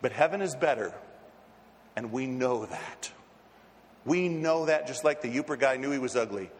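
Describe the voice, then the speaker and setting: A man's voice: medium pitch, animated, moderate pace, a little hiss or hum. Impassioned man preaching in an echoey hall. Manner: impassioned, swings from hushed to loud; repeats words when starting a phrase. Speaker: pastor. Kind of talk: sermon.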